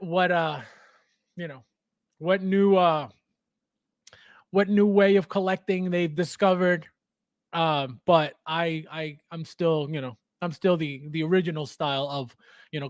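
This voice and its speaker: A man with a high-pitched voice hosts a live stream, chatting with viewers and answering their comments. He talks in an animated way, repeats himself, and restarts his sentences often. His voice sounds dry and close, with little room echo. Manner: animated, repetitive, stammering restarts, laughs often. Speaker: livestream host. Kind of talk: casual live chat reading viewer comments.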